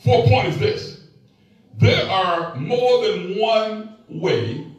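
Extremely slow and animated, a middle-aged male pastor with a high voice preaches on a lo-fi recording. There's call-and-response with the congregation and some playful asides, all with echo from a distant mic.

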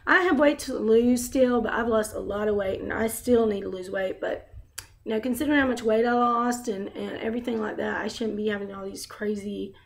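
Woman, gravelly fry, a bit high-pitched, casual home vlog, rambling, candid, lots of fillers. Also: brisk. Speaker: vlogger. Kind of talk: casual personal video update.

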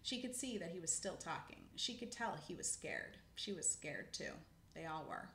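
A woman's voice: low-pitched, big pitch swings, normal speed, gravelly, fairly bright tone, slight background noise. Woman, storybook reading, casual asides, echoey room. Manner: casual, with spoken asides and self-corrections. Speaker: narrator. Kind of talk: reading a children's book aloud.

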